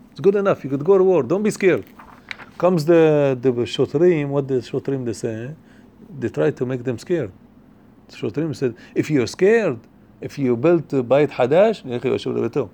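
Fast-talking man teaching Torah. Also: medium pitch, vocal fry, warm tone. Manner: quick, repeats himself and restarts, chanting Hebrew verses fast. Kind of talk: Torah class on the weekly portion.

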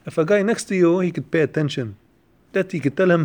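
Man, somewhat high voice, teaching a Torah lesson, questioning, repeats himself, fast Hebrew quotes. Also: expressive, a little mellow. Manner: questioning, explains step by step, repeats phrases; quotes Hebrew passages quickly.

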